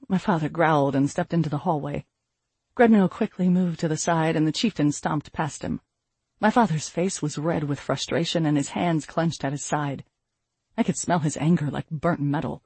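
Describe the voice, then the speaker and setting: A man reading a first-person fantasy novel aloud in a steady storytelling voice. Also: on the high side, moderate pace, husky, no echo. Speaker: audiobook narrator.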